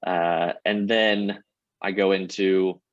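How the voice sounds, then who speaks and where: Low-ish guy guest on a sales podcast, energetic, walks you through it step by step, dull dry call audio. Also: slow, no room sound. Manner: energetic, explains step by step, role-plays sales calls. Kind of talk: casual interview talk.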